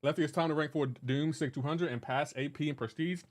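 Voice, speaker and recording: Young male gamer-streamer, slightly high voice, playful trash-talking banter. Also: fairly even intonation, brisk, darkish tone. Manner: teasing, banter-heavy, breaks into laughter. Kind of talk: casual live-stream chat, reading chat aloud.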